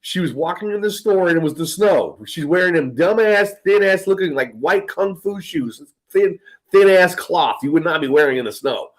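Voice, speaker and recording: A man's voice: sits high, lively intonation, normal speed. A man, the host of a casual chat, telling stories in a profane, rambling way, laughing often.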